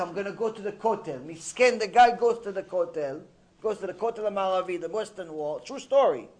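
A man teaching a religious class, telling his story with emphatic, animated delivery. His voice sits high for a man, and the pitch moves a lot. He often repeats phrases for effect. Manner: animated, emphatic storytelling, mixing Hebrew terms into English. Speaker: rabbi giving a lecture. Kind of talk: Torah lecture with storytelling.

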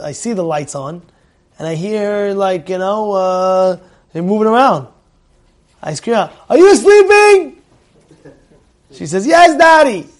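A middle-aged man teaching a Torah class, animated, repeating phrases for emphasis, asking his listeners questions and using Hebrew terms. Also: high voice.

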